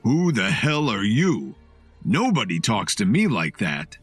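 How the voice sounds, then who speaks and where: A man's voice: fairly low pitch, huge pitch swings, a little slow, breathy edge, no room sound, faint music behind, exaggerated voice. A man doing a furious, domineering tough guy. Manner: shouting, menacing.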